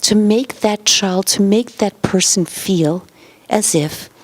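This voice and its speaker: A woman giving a parenting lecture in numbered points, acting out quoted parents and children and often dropping to a soft whisper. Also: medium pitch, slow, dry recording. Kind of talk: motivational lecture.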